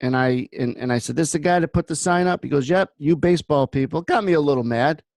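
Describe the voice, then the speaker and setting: A man's voice: a little high, fast, vocal fry, a little mellow, dry recording. A man hosting a trading room, giving blunt market commentary that wanders into personal stories. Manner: blunt, rambling storyteller.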